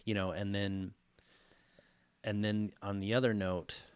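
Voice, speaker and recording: A man's voice: on the low side, level tone, measured pace, clean tone, dry recording. A man co-hosting a casual podcast, talking animatedly and acting out his own inner voices. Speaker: podcast co-host, coach.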